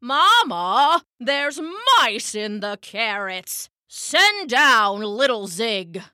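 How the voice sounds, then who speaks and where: A woman voicing a grumpy old man with a gruff, shouting manner in a storybook reading. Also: medium pitch, very animated, extremely slow, dry recording, studio quality, heavily acted. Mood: alarmed. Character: grumpy old man, a hunter easily angered.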